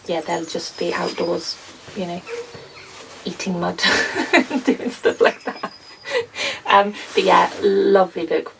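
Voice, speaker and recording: Young woman with a gravelly voice, chatting. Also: lowish voice, distant mic, slight background noise, poor audio. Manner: chatty, rambling, lots of ums and soft laughs. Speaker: garden vlogger. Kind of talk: casual chat to camera. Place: garden potting shed.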